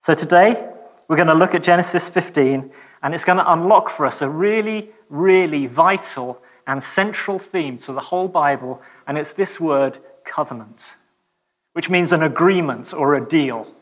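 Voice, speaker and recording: A man preaching a sermon in a lively, conversational way, with joking asides to the congregation. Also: a little high, normal speed, in a large hall.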